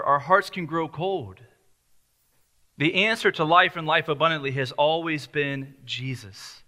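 A man's voice: a little high, sharp tone. A male pastor preaching an earnest, emphatic sermon full of rhetorical questions.

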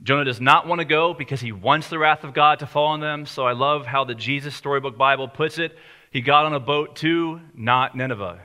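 A man preaching a sermon in a conversational way, slowing down on key lines for emphasis. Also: medium pitch, sharp tone, smooth. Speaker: pastor.

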